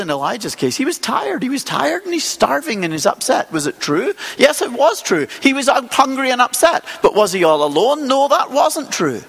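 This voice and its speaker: A man's voice: high-pitched, gravelly, a bit bright, slightly rough. A man preaching a sermon in a conversational way, asking the listeners many rhetorical questions. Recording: long hall reverb.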